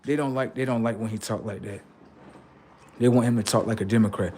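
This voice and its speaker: A man's voice: lowish voice, fairly even intonation, a little fast, pauses often, a little mellow, breathy edge. A man hosting a livestream, delivering a heated, profane and confrontational political rant that taunts his listeners. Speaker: livestream host.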